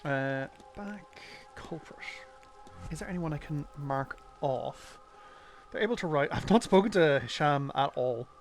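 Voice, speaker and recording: A man's voice: fairly high pitch, expressive, a little slow, faint music behind. A man streaming a detective game, casually thinking aloud and muttering through clues. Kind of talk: casual live-stream commentary.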